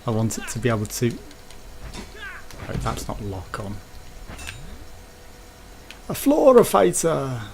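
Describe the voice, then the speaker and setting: Playing a video game, a Birmingham-accented man chats and rambles casually, thinking aloud. His medium-pitched voice swoops wildly, sounds creaky and darkish, moves slowly and pauses often. The audio quality is poor.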